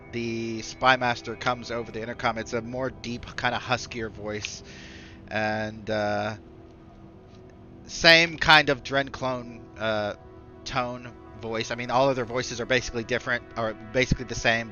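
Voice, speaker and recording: A man's voice: medium pitch, pushed and bright. A man narrating a tabletop game as game master, rambling with many fillers and restarts, in a dull lo-fi recording.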